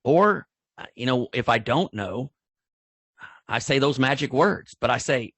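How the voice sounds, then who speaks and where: An older man, speaking as a football official in a training talk. His husky voice rambles in a folksy way, with lots of restarts. The sound is close and dry. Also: medium pitch, animated, unhurried, pauses often, fairly bright tone, no room sound. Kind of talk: storytelling in an online training talk.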